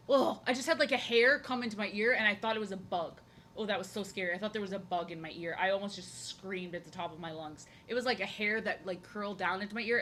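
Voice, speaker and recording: Chatty woman streamer with a bright voice. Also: lowish voice, a little hiss or hum, rough recording. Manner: chatty and rambling, repeats phrases, playful. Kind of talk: casual chat while drawing on a live stream.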